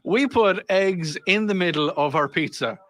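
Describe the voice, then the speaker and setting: A man's voice: high-pitched, normal speed, fairly bright tone, dry recording. A man from Ireland with an Irish accent, co-hosting a casual radio chat show and joking often. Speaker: co-host.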